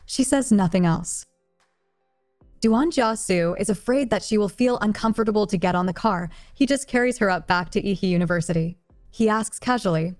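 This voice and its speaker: A woman reads a translated romance novel aloud in short, plain sentences, her voice sitting at an ordinary mid pitch. Her delivery stays even and unhurried. Soft music plays faintly behind her. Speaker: audiobook narrator.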